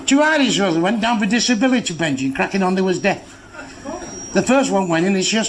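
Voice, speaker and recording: A man's voice: high voice, expressive, fast talker. A man doing stand-up comedy, telling bawdy, profane jokes and acting out the characters' voices. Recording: noisy archive recording.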